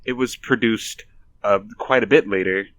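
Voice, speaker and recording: A man co-hosting a podcast, chatting in a relaxed, knowing way as a fan of the show. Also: on the low side, moderate pace, no room sound. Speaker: podcast co-host. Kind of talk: casual podcast discussion.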